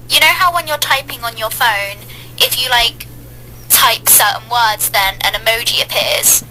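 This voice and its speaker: High bright-voiced woman doing a chatty story voiceover, asks lots of questions, bit of music under it. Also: normal speed, rough recording. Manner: chatty, full of rhetorical questions and fillers. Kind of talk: casual storytelling voice-over.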